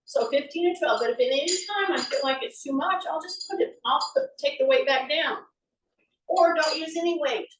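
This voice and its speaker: High-voiced woman coaching exercise. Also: moderate pace, distant mic. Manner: chatty, encouraging, demonstrates while talking. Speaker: fitness instructor. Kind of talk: live exercise class instruction. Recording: echoey room, voice from off the mic.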